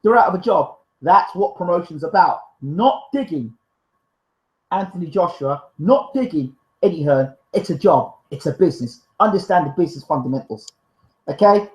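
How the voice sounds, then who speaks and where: A man's voice: on the high side, animated, moderate pace, a little mellow, reverberant, poor audio. Fiery man hosting a live stream. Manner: fiery, defensive, emphatic. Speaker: live show host. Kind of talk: live-stream talk, reading viewer comments.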